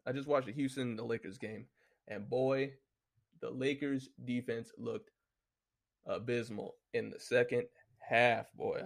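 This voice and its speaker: A man with a medium-pitched voice and vocal fry rants casually and heatedly about sports, reading from his notes as a solo commentator. He curses constantly and keeps dropping "you know what I'm saying" as filler.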